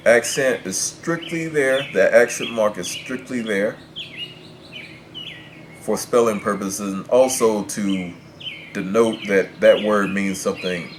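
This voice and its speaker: Slow, deep-voiced man teaching. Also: a little hiss or hum. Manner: measured, stops and restarts to pick words. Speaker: Spanish teacher. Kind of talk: explaining grammar to camera.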